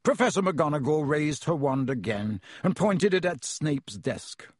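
Husky male audiobook narrator. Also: fairly high pitch, lively intonation, unhurried, dry recording, studio quality. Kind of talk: scripted narration.

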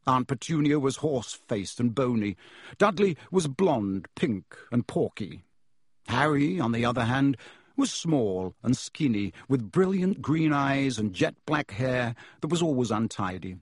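A man reading a children's novel aloud as an audiobook narrator, in a lively and expressive way. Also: medium pitch, a little slow, breathy edge, dry recording, studio quality. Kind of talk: scripted narration.

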